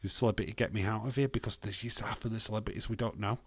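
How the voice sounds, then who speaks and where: Low-voiced British man, blunt and chatty. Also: fairly even intonation, rapid-fire, no room sound. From Britain. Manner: blunt, swears freely, chatty. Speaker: watch-along host. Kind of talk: casual live commentary.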